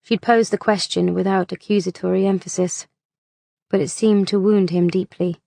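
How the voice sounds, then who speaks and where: A woman narrating an audiobook in a measured, unhurried reading voice on a close mic. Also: mid-range voice, fairly even intonation, gravelly, dark tone, no room sound.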